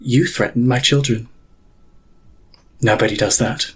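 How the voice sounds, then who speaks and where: A man's voice: medium pitch, fairly even intonation, a little slow, breathy edge, voice pushed down. A man voicing a vengeful female pontiff who is a cold mother of monsters, speaking in menacing, clipped threats.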